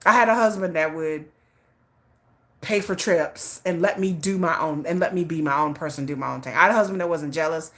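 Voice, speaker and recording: A woman host telling a candid personal story on a livestream in a blunt, animated way, laughing often and cursing. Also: low-pitched, brisk.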